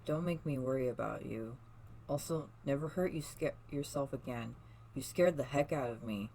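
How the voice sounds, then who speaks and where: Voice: medium pitch, normal speed, creaky, warm tone, a little hiss or hum, natural voice. A narrator reading the lines of a worried young male hedgehog hero in a fan story, pleading and anxious.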